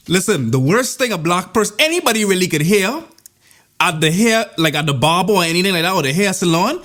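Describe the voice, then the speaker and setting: A man spins a comic story in a fairly high voice, rambling and animated. He keeps breaking off into playful asides, with faint music underneath. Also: moderate pace. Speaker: vlogger. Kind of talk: comedic storytelling.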